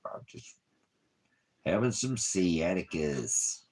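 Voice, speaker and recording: A man's voice: low voice, a little slow, darkish tone, slightly rough. A man who preaches for a small ministry, talking in a rambling, off-the-cuff livestream style, breaking off to talk to his dog. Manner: meandering, jokey, talks to his dog between points.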